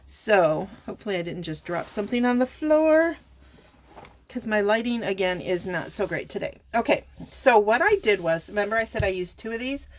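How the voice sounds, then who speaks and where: A woman's voice: medium pitch, expressive, normal speed. Chatty woman demonstrating card making. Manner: chatty, self-correcting, talks straight to viewers. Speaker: papercraft demonstrator. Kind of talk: casual craft tutorial.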